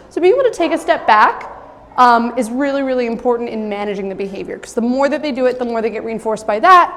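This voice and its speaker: A young adult woman dog trainer giving an instructional demonstration, explaining calmly with occasional high-pitched praise for a puppy. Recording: long reverb with faint ambient noise.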